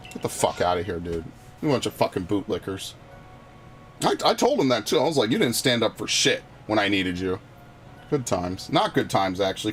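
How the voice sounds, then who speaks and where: A man streaming a video game, chatting casually and ranting heatedly with lots of swearing and restarts. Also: medium pitch. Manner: profane, heated storytelling with frequent restarts. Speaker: gaming streamer. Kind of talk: casual gameplay commentary and ranting.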